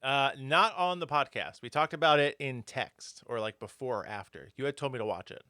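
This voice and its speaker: A man's voice: mid-range voice, a little fast, sharp tone. A man hosting a casual podcast who steers the talk with short prompts and questions. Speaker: podcast host. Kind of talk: casual chat.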